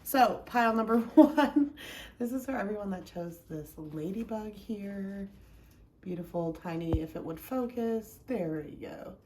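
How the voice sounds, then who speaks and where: A woman's voice: medium pitch, expressive, measured pace, darkish tone, a little hiss or hum. A woman hosting a casual pick-a-card tarot video from home, chatty and rambling with many ums, a little out of breath. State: a bit out of breath. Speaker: tarot reader. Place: home, indoors.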